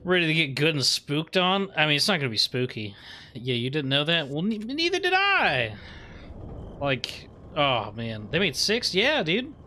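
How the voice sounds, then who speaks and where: This is a young man playing a video game on stream and talking casually with friends as he goes. His voice sits fairly high for a man and sounds bright and forceful, with lively swings in pitch. He cusses freely and works himself up into fired-up rants. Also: normal speed. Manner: animated, swears freely, rants with rising excitement. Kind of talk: casual let's-play commentary.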